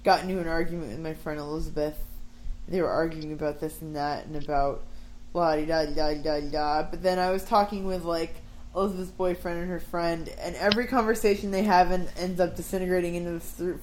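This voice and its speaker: A woman's voice: on the low side, brisk, poor audio. A woman in her twenties chatting casually on a podcast, telling stories full of "like" asides. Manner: animated storyteller, fillers like "like". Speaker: podcast co-host. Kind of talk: casual chat. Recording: faint background noise.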